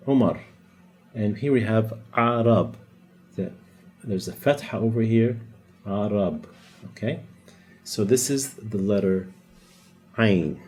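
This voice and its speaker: With a lowish, somewhat mellow voice that has a breathy edge, a man gives a casual whiteboard lesson in Arabic, his first language. He explains patiently, shows how sounds are made and jokes lightly.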